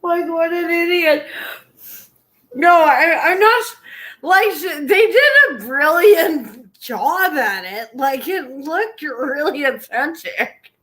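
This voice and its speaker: Slow-talking, giggly woman streamer. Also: high-pitched, lively intonation, a bit bright. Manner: giggly, laughs through her words. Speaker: live streamer. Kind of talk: casual live-stream chat.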